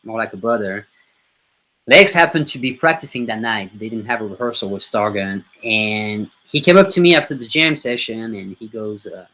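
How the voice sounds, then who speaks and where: A man's voice: lowish voice, animated, normal speed, bright, forceful tone, low-quality recording. A man from France with a French accent, a guest musician in his forties telling stories in a podcast interview and acting out the voices of people he quotes.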